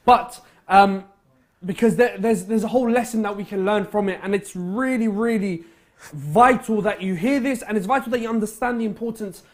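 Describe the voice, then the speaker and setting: A man hosting a live charity broadcast, friendly and halting, with frequent fillers and restarts. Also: high voice. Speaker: charity telethon host.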